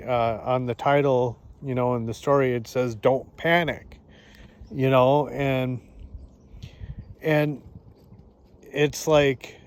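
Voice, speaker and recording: A man talking to the camera in a casual, halting way, with many fillers and restarts, outdoors in the countryside. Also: medium pitch, a little mellow, a little hiss or hum. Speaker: vlogger. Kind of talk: casual spoken reflection.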